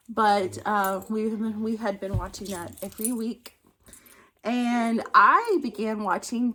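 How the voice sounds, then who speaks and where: A woman's voice: medium pitch, a bit bright, a little hiss or hum. Chatty woman vlogging at home. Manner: chatty, laughs often, distracted by her dog. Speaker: book vlogger. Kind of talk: casual monthly favorites vlog. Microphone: phone camera.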